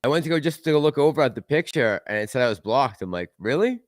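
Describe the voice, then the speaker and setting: A man's voice: mid-range voice, expressive, fast, no room sound. Guy rambling thru his livestream chat, laughs a lot, dead dry mic. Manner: rambling, chatty, laughs often, answers chat aloud. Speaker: livestream host reading chat.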